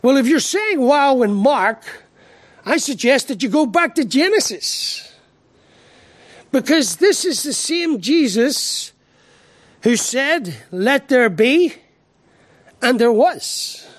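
A man's voice: extremely high pitch, expressive, slow pace, long pauses, no echo. An Irish man preaching a sermon, emphatic, asking rhetorical questions and often repeating his first word as he restarts. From Ireland.

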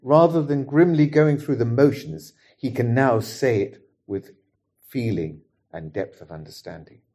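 Male preacher giving a sermon, slow and deliberate, warm mellow tone, earnest scripture reading. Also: medium pitch. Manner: measured, earnest delivery, reading scripture and leading prayer.

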